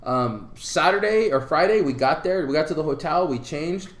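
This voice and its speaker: A man co-hosts a casual podcast and tells a long story, animatedly acting out the voices of the people in it. His voice sits a little high for a man. The recording has a roomy echo. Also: expressive, normal speed. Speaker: podcast co-host.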